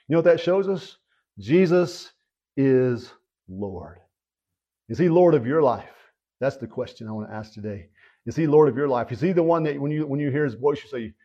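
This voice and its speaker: A man's voice: medium pitch, animated, moderate pace, warm tone, dull audio. A man preaching a sermon and leading a prayer, earnest and repetitive, asking his listeners questions again and again. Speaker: pastor.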